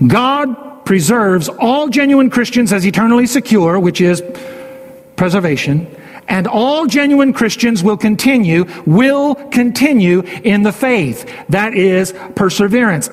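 A man's voice: high-pitched, animated, measured pace, big-room sound. A man preaching a sermon as pastor, emphatic and repeating key phrases for stress, his voice rising and falling widely.

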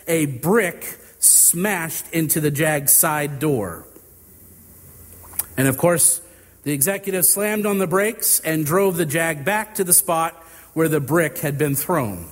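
A man preaching a sermon, telling an illustrative story in a deliberate, drawn-out way. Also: a little high, long reverb tail. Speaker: pastor.

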